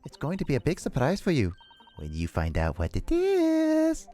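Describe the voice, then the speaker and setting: A sweet, mischievous young woman teases with a giggle in her voice, as a man puts her on while reading a game aloud. The voice is raised well above his own and swings widely in pitch. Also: wildly swooping pitch, moderate pace, dark tone, faint music behind. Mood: teasing.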